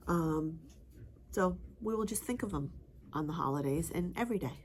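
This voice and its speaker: A woman's voice: animated, normal speed, a little hiss or hum. A woman chatting casually in a home vlog, rambling with fillers and talking sweetly to her dog. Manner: high sing-song voice when talking to her dog. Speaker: home vlogger.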